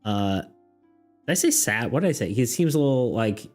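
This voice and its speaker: A man of middling pitch runs a streamed tabletop game in loose, rambling narration, laughing and stalling with ums and uhs as he goes. Soft music sits faintly behind his voice. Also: expressive, normal speed. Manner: rambling, laughs often, many fillers.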